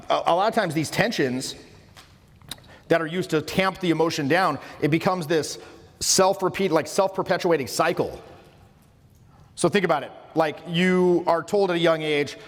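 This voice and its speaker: A fairly high-voiced man teaches social skills in an easygoing lecture. He talks with informal emphasis and often restarts his sentences. His voice carries a long reverb tail from the room. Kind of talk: casual instructional lecture.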